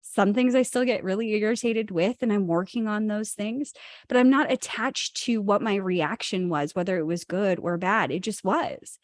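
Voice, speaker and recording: A woman's voice: medium pitch, normal speed, no echo. A woman co-hosting a spiritual podcast, telling a story in a chatty way with lots of fillers. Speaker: podcast co-host.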